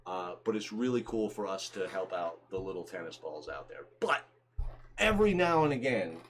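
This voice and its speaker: A man co-hosting a livestream in casual chat, excitable and chatty, with lots of fillers. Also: low voice, moderate pace, slight background noise. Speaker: livestream co-host.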